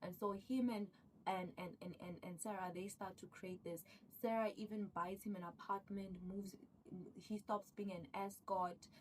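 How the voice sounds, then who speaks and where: A woman casually retelling a drama's plot, excitable and rambling. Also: medium pitch, moderate pace, recorded from a distance, a little hiss or hum, poor audio. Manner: excitable, rambling, acts out characters' lines. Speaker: vlogger recapping a drama. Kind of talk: casual storytelling recap.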